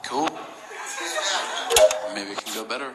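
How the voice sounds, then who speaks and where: A man's voice: lowish voice, unhurried, reverberant, heavy background noise. A man live-streaming, chatting with strangers in a teasing, profane way and laughing often.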